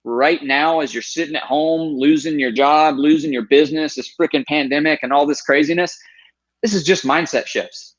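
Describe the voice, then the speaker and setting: A man in his thirties, a podcast guest telling his own story in an earnest, animated way. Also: a little high, normal speed, highs cut off. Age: 30s.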